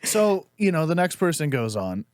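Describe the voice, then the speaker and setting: A man who hosts a podcast and does stand-up, telling stories in an animated, profane way and acting out the voices of people he quotes. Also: a little high, normal speed, a little hiss or hum. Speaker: podcast host and stand-up comic. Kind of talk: casual podcast chat.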